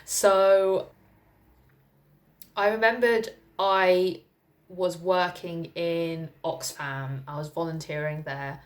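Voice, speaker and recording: A woman's voice: fairly low pitch, fairly even intonation, slow pace. A young woman from England talking candidly to camera in a casual vlog, chatty, with fillers and laughter. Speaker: vlogger. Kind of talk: casual personal talk to camera.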